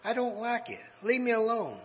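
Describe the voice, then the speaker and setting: A man's voice: big pitch swings, moderate pace, a little hiss or hum. A man voicing a small, fragile talking teacup that cries out in protest during a read-aloud story, heard on a dull recording in a reverberant hall. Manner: high-pitched, crying out in protest.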